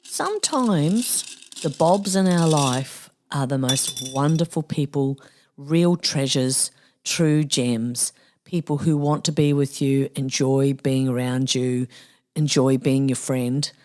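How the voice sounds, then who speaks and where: Speaking slowly in a mellow bass voice with fairly level intonation, a middle-aged woman with a Kiwi accent runs her own podcast. The monologue is relaxed, chatty, and wryly playful.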